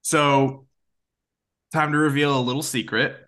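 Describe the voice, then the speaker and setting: Bright-voiced man, teasing podcast co-host. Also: mid-range voice, a little slow. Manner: teasing, animated storytelling with acted quotes, swears. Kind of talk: casual chat.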